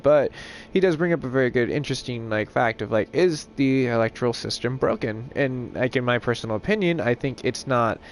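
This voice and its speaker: A man's voice: mid-range voice, lively intonation, brisk, a little hiss or hum. A young man chatting casually while streaming a game, rambling and swearing, full of filler words. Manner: rambling, profane, lots of "like" fillers. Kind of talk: casual gaming stream chat.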